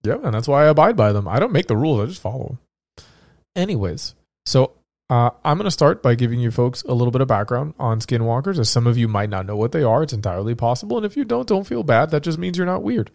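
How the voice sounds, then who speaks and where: A man who is sick hosts a laid-back podcast, joking and rambling as he reads through his notes. His voice sits at an ordinary middle pitch. It is recorded dry and close, with little room sound. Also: animated, fast, gravelly, a little mellow, no room sound. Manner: joking, rambling, self-interrupting. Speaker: podcast host. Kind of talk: casual podcast chat and reading research.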